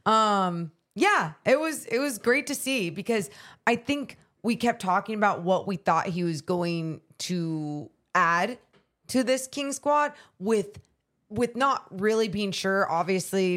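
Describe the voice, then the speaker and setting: A woman co-hosting a podcast, chatting about basketball with enthusiastic, quick reactions. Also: medium pitch, fairly bright tone. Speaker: podcast co-host. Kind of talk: casual sports talk.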